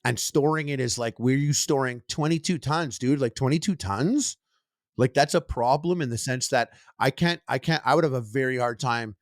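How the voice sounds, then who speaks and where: A man's voice: mid-range voice, normal speed, no room sound, clean studio sound. A man co-hosting a food podcast in casual, jokey banter. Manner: jokey, puts on mock British voices. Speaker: podcast co-host.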